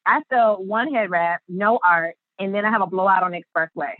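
Woman, mid-pitch, lively storyteller who voices every quote; dry, phone-narrow recording. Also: fairly quick, dry recording. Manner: lively, acts out quotes with big pitch jumps, many fillers. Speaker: artist and business founder, interview guest. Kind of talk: animated storytelling in an interview.

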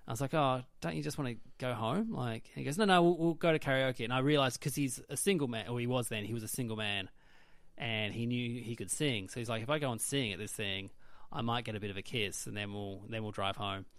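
A man's voice: mid-range voice, fairly even intonation, a little fast, fairly bright tone, no room sound. Aussie guy comedian rambling thru stories, lots of "like", dry close mic. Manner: chatty anecdotal storyteller, lots of likes. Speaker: guest comedian. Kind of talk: casual podcast chat.

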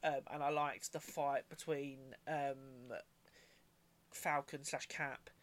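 A man's voice: mid-range voice, level tone, slow pace, fairly bright tone. A young man co-hosting a casual podcast chat, talking hesitantly with many fillers. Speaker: podcast co-host.

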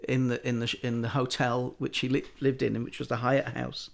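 Middle-aged male storyteller, gravelly and lively, chatty anecdotes. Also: mid-range voice, normal speed. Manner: animated storytelling, acting out quoted voices. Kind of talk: casual anecdotal chat.

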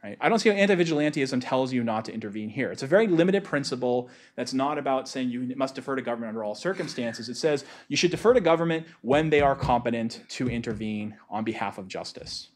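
A man's voice: medium pitch, lively intonation, fast talker, hardly any pauses. A man giving a lecture in a casual way, with many filler words.

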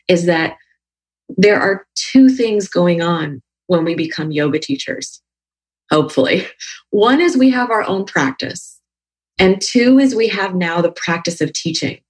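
A woman's voice: fairly low pitch, husky. A woman who is a yoga teacher and author, talking in a thoughtful, reflective way in long winding sentences. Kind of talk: conversational podcast talk.

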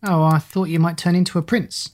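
A woman's voice: fairly low pitch, steady tone, brisk, a little mellow, lightly acted. A woman voicing a troubled, moody schoolgirl, sulky and nervous.

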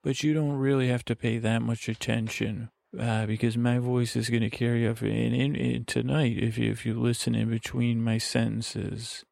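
A man's voice: medium pitch, level tone, moderate pace, vocal fry, hardly any pauses, darkish tone, no room sound. A man hosting a bedtime podcast, rambling in meandering circles and interrupting himself to help listeners fall asleep. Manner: meandering, self-interrupting, drowsy. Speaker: podcast host. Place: lakeside vacation spot.

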